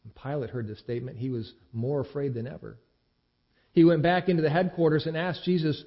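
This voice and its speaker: A man giving a dramatic scripture reading, expressive, with the quoted speech acted out. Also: mid-range voice, fairly quick. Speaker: scripture reader. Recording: dull lo-fi recording.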